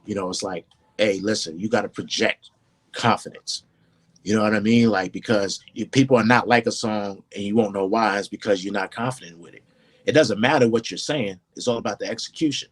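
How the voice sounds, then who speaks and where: A man's voice: on the low side, quick pace, slightly rough. A man, a hip hop producer and mixing engineer, talking through his craft in a casual interview, often saying "you know what I mean".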